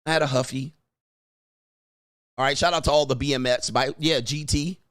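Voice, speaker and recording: A livestream commentary host with a medium-pitched, steady, slightly bright voice talks at a moderate pace. His casual commentary is crude: he swears and laughs while telling stories.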